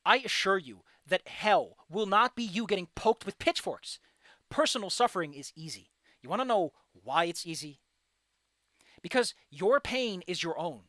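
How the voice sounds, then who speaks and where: A man streaming a game, giving casual, animated commentary and ranting with frequent swearing. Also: high voice, normal speed, no echo, clean studio sound. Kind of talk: casual let's-play commentary.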